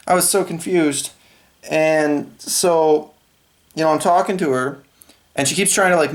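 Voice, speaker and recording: A young man telling a personal story in a casual vlog, rambling and acting out the people he talks about. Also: mid-range voice. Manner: rambling, retelling a phone call and quoting others. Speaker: vlogger.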